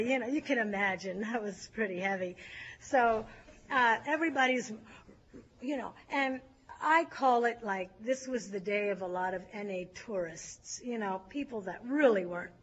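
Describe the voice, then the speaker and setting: High, bright-voiced woman telling stories. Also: moderate pace, dull audio. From California. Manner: lively, laughs often, acts out shouting crowds. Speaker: speaker sharing a recovery story. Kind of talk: storytelling to a group.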